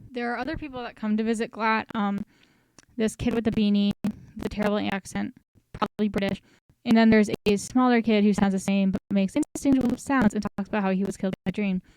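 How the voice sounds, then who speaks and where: A woman's voice: mid-range voice, fairly even intonation, quick pace, darkish tone, clean tone, dry recording, low-quality recording. A woman casually recapping a story, chatty and full of joking asides. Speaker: recap host.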